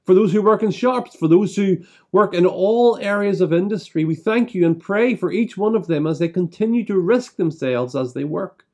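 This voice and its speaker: A male minister with a somewhat higher voice leads a broadcast church service. He prays and reads scripture in a measured, solemn way, pausing deliberately between phrases. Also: darkish tone. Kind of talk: leading prayers and reading scripture aloud.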